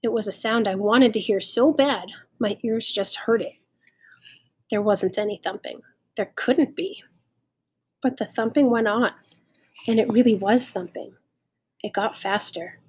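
Woman with a husky voice reading aloud. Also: mid-range voice, normal speed, a little mellow. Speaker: audiobook reader. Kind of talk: audiobook narration.

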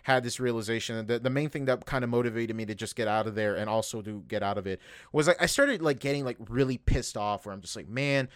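A young podcast host with a medium-pitched voice talks at a quick pace in a studio-quality recording with no echo. In casual podcast chat, he rambles and swears, using plenty of fillers as he vents about his job.

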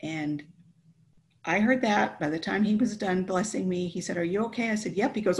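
A middle-aged woman telling a personal faith story in a lively, animated way, often laughing. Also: medium pitch, moderate pace, gravelly, pauses often. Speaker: guest telling her story. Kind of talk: personal testimony chat.

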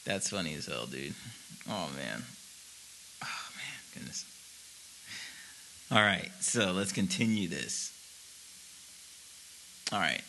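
A man's voice: sits low, sing-song, slow, vocal fry, pauses often, pushed and bright, a little hiss or hum, low-quality recording. A man co-hosting a casual podcast chat, blunt and profane, teasing his friend. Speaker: podcast co-host.

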